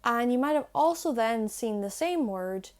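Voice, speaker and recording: On her language-learning YouTube channel, a young woman explains pronunciation to camera in a voice on the high side with lively intonation. She's chatty and pokes fun at herself, slowing right down to demonstrate sounds, and she's recorded through an earphone mic plugged into her phone.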